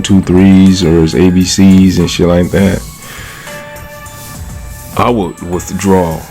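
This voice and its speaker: A man's voice: deep voice, vocal fry, a little mellow. A man from California talking casually into the camera, slangy and profane, laughing often and asking "you know what I'm saying?". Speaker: vlogger. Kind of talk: casual commentary monologue.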